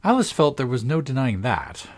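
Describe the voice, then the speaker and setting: A man's voice: medium pitch, sing-song, moderate pace. A man narrating a children's classic aloud, reading expressively and dramatically. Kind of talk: storybook narration.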